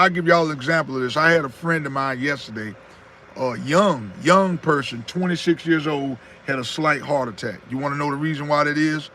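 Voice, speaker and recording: A man in his thirties, a YouTuber hosting a live stream on his own channel, gives a folksy motivational talk, repeating his points and greeting viewers by name. His voice is fairly high-pitched and sharp in tone, and he speaks briskly.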